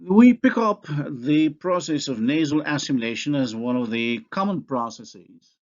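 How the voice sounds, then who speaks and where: A man's voice: fairly high pitch, expressive. A man giving a recorded linguistics lecture, who carefully sounds out each example word. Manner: slow, deliberate, carefully sounds out example words. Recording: dull lo-fi recording.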